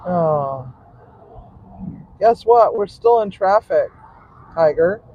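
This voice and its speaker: A man's voice: high voice, animated, slow pace, dull audio, a little hiss or hum. Chatty man rambling while driving. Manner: chatty, laughs often, muttering asides. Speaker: cook and vlogger. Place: car in traffic.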